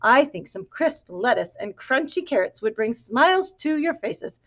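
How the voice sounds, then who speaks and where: A woman's voice: a little high, sing-song, normal speed. A woman reading aloud as a bossy female rabbit, talking in an insistent, prim way. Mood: coaxing. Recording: dull lo-fi recording.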